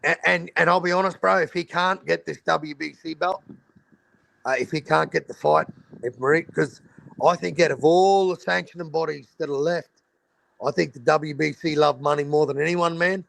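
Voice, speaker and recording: A man's voice: on the high side, steady tone, moderate pace, creaky, a bit bright. An Australian man hosting a casual boxing livestream over a video call, blunt and swearing freely in Aussie slang. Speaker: boxing talk show host.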